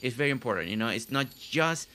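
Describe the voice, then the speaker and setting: A man's voice: medium pitch, expressive, fast, pushed and bright. A man hosting a live game stream, chatting casually with viewers, often repeating and restarting his phrases.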